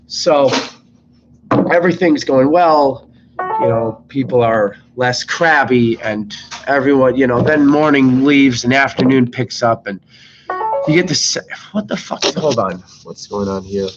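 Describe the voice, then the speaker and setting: A young man, sick, telling rambling, exasperated stories about his fast-food job on a live stream, swearing constantly. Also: medium pitch, over music. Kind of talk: casual live-stream storytelling. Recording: slightly dull lo-fi mic with faint noise.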